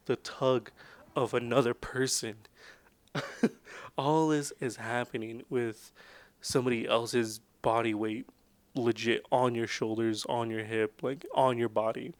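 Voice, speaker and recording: Dude rambling thru a movie recap, lots of ums and likes, smooth voice, dry close sound. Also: male voice, medium pitch, no echo. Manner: rambling, filler-heavy, laid-back.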